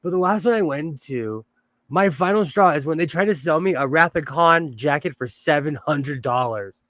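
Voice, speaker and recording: A man's voice: on the high side, moderate pace, a bit bright, dry recording. A man hosting a casual sewing livestream, chatting, laughing often and reading viewer comments aloud. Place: home sewing room.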